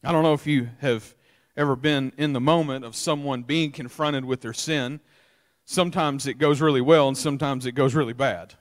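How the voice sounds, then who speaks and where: A man preaching a sermon, reading scripture aloud and explaining it in casual asides, rising in pitch and volume for emphasis. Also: steady tone, moderate pace, long reverb tail.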